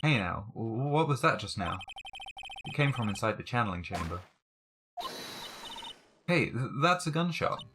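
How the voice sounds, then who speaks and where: A man's voice: medium pitch, moderate pace, pauses often, noisy background, close to an everyday voice. A man doing a brash Southern gal photographer. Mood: excited. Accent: Southern US, put on. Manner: folksy, pushy, excitable. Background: game music.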